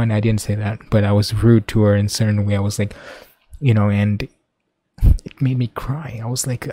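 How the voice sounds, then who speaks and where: A young man hosting a casual solo podcast, rambling and swearing, dropping to mumbles and then bursting out loud. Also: on the low side, fairly even intonation, moderate pace, dry recording. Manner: rambling, profane, swings between mumbling and loud outbursts. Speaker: podcast host.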